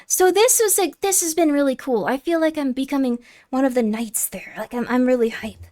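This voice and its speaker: A woman streamer chatting casually during an unboxing, gushing with excitement and often slipping into a half-whisper. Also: sits high, brisk. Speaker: VTuber streamer.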